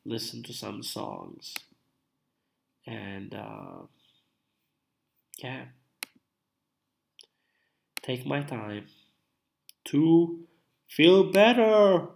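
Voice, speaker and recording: An Italian-accented man, a native Italian speaker, hosts a casual live stream while he is ill. He talks in a slow, unhurried way and often repeats himself, his delivery drawn out and sickly. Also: medium pitch, wildly swooping pitch, vocal fry, a little hiss or hum. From Italy. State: sounding sick.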